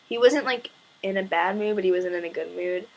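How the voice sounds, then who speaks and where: A young woman in her teens excitedly retelling a story in a casual vlog, gushing and full of "like" fillers. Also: medium pitch, brisk, creaky.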